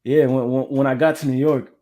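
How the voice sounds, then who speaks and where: Guy from florida telling his story on a podcast, mellow dark voice, calm and thoughtful. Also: medium pitch. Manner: reflective, measured, candid. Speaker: music artist, guest. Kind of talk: interview, personal storytelling.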